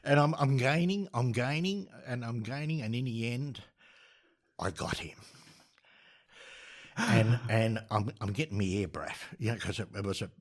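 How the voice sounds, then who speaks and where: An older Australian man with a mid-range voice appears as a podcast guest, telling a story with energy at a normal speed. He's animated, pausing often, laughing and restarting frequently.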